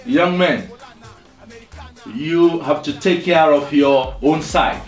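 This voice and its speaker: An actor playing a firm, businesslike boss who speaks deliberately. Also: male voice, a little high, echoey room, faint music behind. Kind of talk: film comedy acting.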